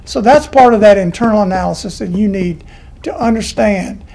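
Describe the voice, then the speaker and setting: A man giving a college business lecture, telling folksy, animated stories and acting out the quotes. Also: high-pitched, moderate pace, vocal fry. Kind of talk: classroom lecture with anecdotes.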